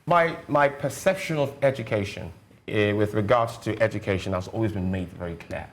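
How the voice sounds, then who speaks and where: Teacherly Nigerian man with a gravelly voice. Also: fairly low pitch, a little fast, slight background noise. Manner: explanatory, teacherly, gives examples. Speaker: guest educationist. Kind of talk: panel discussion. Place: TV studio.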